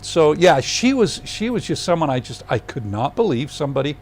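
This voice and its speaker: An older man being interviewed, telling a personal story in a lively way, acting out what others said and dropping to a hushed voice at tender moments. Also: fairly high pitch, brisk. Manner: animated storyteller who acts out others' lines.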